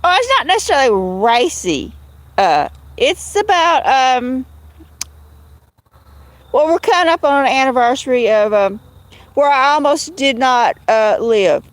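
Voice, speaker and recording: A woman with a Southern US accent chats loosely on a livestream, her voice sitting a little high and swinging up and down a lot. She rambles from thought to thought, greets viewers by name and laughs often. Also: animated, unhurried, no room sound. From Southern United States. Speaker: livestream host. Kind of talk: casual livestream chat.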